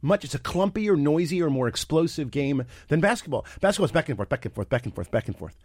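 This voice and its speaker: A man co-hosting a podcast, talking sports casually and excitedly, with frequent restarts and jumps in pitch for emphasis. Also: fast, no echo. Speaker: podcast co-host.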